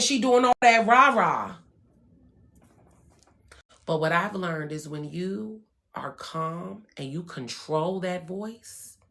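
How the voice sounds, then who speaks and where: A spiritual wellness host with a lowish voice gives a candid motivational talk on her own show. She's blunt and profane, swinging between hushed calm and loud, emphatic bursts.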